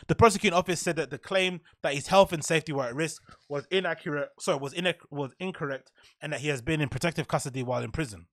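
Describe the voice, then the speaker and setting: Sarcastic man, higher voice. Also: a bit bright, dry recording. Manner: sarcastic, indignant, reads article aloud then riffs. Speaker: podcast host. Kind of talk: casual opinionated commentary.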